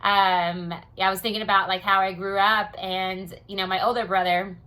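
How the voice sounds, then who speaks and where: A woman's voice: medium pitch, little pitch movement, normal speed, bright, forceful tone, clear, resonant tone. A young American woman talking casually in a personal diary vlog, rambling with many "you know" and "um" fillers. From United States. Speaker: vlogger.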